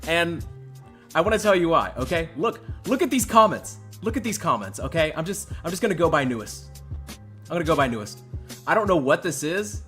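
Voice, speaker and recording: A man hosting a livestream, mock-emotional, jumping between loud outbursts and hushed mumbling. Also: a little high, big pitch swings, brisk, soft background music. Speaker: host. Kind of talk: livestream commentary.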